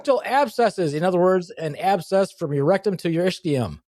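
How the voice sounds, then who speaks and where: A man's voice: high voice, expressive, a little fast, darkish tone, no echo, studio quality. A man co-hosting a podcast, a nurse explaining things in a jokey, mock-dramatic way. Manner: jokey, mock-dramatic, hammy segment announcements. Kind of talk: casual comedic chat.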